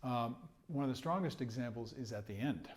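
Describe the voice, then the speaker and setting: A man at an ordinary pitch talks through a music lesson as a trumpet teacher. He explains patiently and sings rhythms aloud on nonsense syllables. He chuckles between points. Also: brisk.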